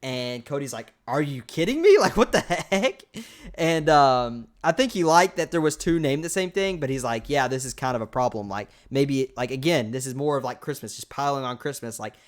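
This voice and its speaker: A man's voice: mid-range voice, fairly quick, hardly any pauses. A young man co-hosting a podcast, rambling through a casual episode recap with lots of fillers and asides. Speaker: podcast co-host.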